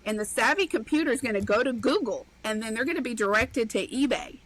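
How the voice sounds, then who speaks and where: A woman's voice: fairly high pitch, animated, fast, a bit bright, rough recording. A woman, a podcast guest and online seller, chatting casually and animatedly acting out her own reactions as she tells stories. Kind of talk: casual chat.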